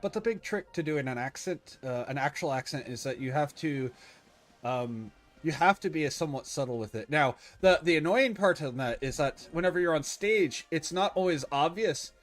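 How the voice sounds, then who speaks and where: Male streamer, higher-pitched voice, casual opinionated chat with self-corrections, faint background music. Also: animated, normal speed.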